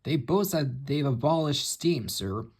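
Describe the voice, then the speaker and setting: A man's voice: mid-range voice, expressive, unhurried, husky, pitched above the performer's own voice. A man voicing a huffy, proud big steam engine. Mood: mournful. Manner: huffy and self-pitying.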